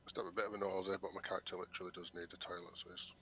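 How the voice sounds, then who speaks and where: Fast-talking low-voiced male player. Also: flat delivery, a bit bright, a little hiss or hum. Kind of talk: casual tabletop play.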